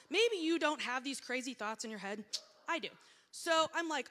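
A woman's voice: high voice, expressive, moderate pace, bright, forceful tone. A woman in her thirties preaching a sermon in a church, reading scripture and telling candid, self-deprecating stories about herself. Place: church sanctuary. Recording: long reverb of a large church hall.

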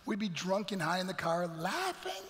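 A man's voice: high voice, very animated, moderate pace, a bit bright, slight background noise. A middle-aged man from New York giving an emphatic, dramatic testimony as a guest speaker at church. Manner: dramatic, emphatic storytelling with acted quotes. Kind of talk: motivational testimony. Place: large church hall. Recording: reverberant church hall.

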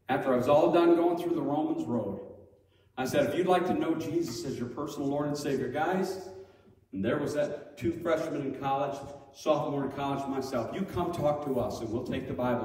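Middle-aged male preacher, storytelling sermon, animated, distant mic in a roomy church hall. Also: mid-range voice. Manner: animated, acts out quoted voices loudly. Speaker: Sunday school teacher. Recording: echoey hall from far off.

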